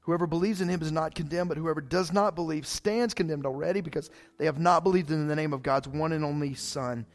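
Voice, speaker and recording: A man's voice: fairly high pitch, fairly quick, few pauses. A male pastor preaching a sermon in a casual, fired-up way, often saying "man".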